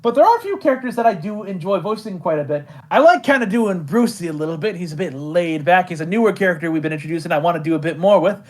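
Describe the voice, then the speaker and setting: A man's voice: high voice, lively intonation, fast, hardly any pauses. Laughing, rambling man interviewed about voice work. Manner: rambling, laughs often, self-deprecating. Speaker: creator and voice actor of an animated show. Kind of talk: casual interview chat.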